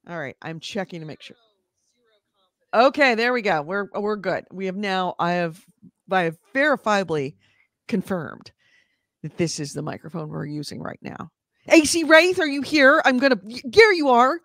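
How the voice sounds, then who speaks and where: Female co-host, lively pitch, mock-outraged ranting, dry close mic. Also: moderate pace, no room sound. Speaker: podcast co-host. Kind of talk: casual chat.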